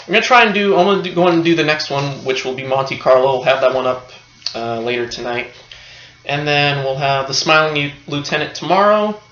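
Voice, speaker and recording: A man's voice: medium pitch, pushed and bright, a little hiss or hum. A man giving an unscripted film review, rambling, with many fillers and restarts. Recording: echoey room, dull lo-fi sound.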